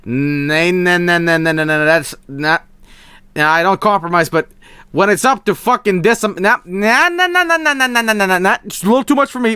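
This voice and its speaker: Excitable Swedish man streaming, dry close sound. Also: fairly high pitch, clean tone, no echo. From Sweden. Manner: excitable, swings between mumbling and shouting, swears a lot. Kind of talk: casual live-stream chat.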